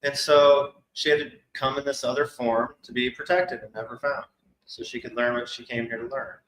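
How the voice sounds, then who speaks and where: A man's voice: mid-range voice, normal speed, slight background noise. Roomy-sounding man telling a story. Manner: animated, acts out quoted voices. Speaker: psychic medium speaker. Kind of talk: storytelling talk to a live audience. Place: expo hall.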